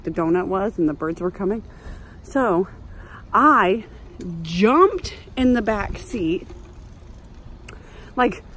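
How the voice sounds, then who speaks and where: A woman, telling a story in a chatty, animated vlog while walking outdoors. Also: a little high, slight background noise. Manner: chatty, animated, exclaiming, says "like" often. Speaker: mom vlogger.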